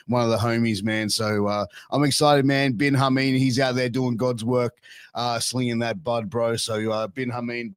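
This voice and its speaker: A young Australian man with an Australian accent, a guest on a casual podcast, chatting in a relaxed, slangy way. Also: medium pitch, no room sound. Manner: laid-back, slangy, says "bro" and "man" a lot.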